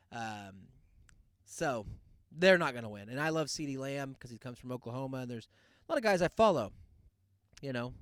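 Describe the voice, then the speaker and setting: A man hosting his own show, ranting loudly and sarcastically, with laughs in between. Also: medium pitch, no echo. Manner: loud, sarcastic rants with laughs. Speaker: podcast host. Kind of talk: casual solo rant.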